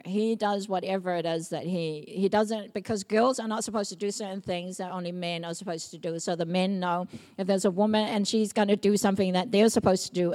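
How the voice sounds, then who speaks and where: A woman's voice: fairly low pitch, mellow. Emphatic woman preaching. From Samoa. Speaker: pastor. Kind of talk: sermon.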